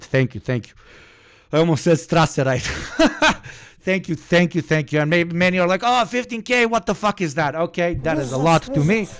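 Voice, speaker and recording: A man from the Balkans hosting a livestream, shouting profane, hyped thank-yous to his viewers until his voice goes hoarse, then settling into calmer, sincere talk. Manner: calmer, low-key and sincere. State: hoarse from screaming. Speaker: livestream host.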